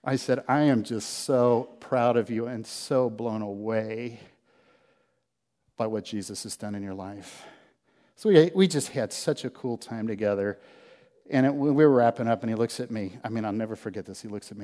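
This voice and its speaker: A man preaching a sermon as pastor, telling a story in an animated way, with loud bursts that drop to hushed low lines. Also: moderate pace. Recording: long hall reverb.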